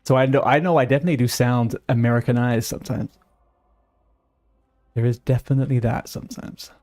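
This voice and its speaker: A young man from the UK talks in a British accent to his live chat between moves in a game. He banters and jokes, drifts off topic easily, and keeps his voice at an ordinary middle pitch. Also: fairly even intonation, brisk, darkish tone. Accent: British English. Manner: chatty, easily distracted, playful banter. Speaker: streamer. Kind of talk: casual chat with live chat while gaming.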